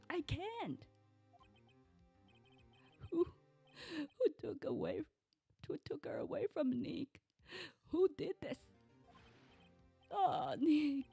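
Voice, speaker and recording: Woman doing a melodramatic young guy, wailing, sobbing, pitched way up, lively swoops, breathy. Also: exaggerated voice. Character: frantic, wailing young man, overly dramatic.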